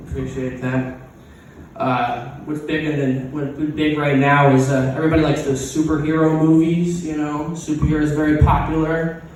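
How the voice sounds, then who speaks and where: A man's voice: a little high, flat delivery, normal speed, darkish tone, a little hiss or hum. A man doing a crude, sarcastic stand-up set at an open mic, rambling with fillers and restarts. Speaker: stand-up comic. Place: open mic comedy venue. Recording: echoey room miked from a distance.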